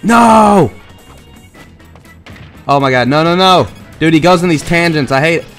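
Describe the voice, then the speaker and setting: A man giving excitable, profane gameplay commentary, trash-talking and yelling at the screen. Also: a little high, fast, clear, resonant tone, soft background music. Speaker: gaming channel host.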